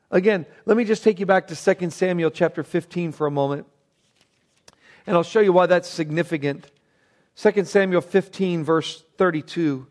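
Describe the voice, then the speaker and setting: Emphatic preacher, a man with a higher voice. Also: moderate pace. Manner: swings between hushed reverent passages and raised emphatic bursts; repeats words when building a point. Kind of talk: expository sermon.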